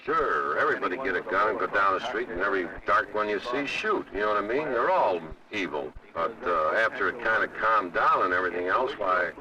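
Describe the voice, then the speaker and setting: A man's voice: lowish voice, animated, a little fast, few pauses, distant mic, muffled recording, a crowd in the background. A man talking in a plain, matter-of-fact way.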